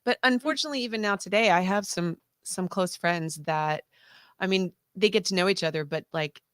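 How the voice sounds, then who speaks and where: A woman's voice: lowish voice, fairly quick, a bit bright, no echo, studio quality. A woman guest on a music podcast, talking earnestly and emotionally. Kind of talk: casual music chat.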